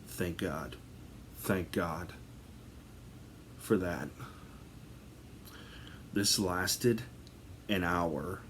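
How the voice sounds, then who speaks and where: A man's voice: low voice, very slow, long pauses, slight background noise. A man casually telling a comic story on a podcast, rambling through lots of fillers and breaking into laughter. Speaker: podcast host.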